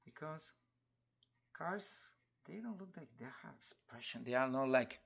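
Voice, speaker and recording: A man's voice: mid-range voice, animated, a little slow, creaky, fairly bright tone, slightly rough. A middle-aged man with a Spanish accent, chatting casually and rambling with chuckles while streaming a drawing tutorial. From Spanish-speaking country. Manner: rambling, chuckling, many restarts and fillers. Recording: dull lo-fi live-stream audio.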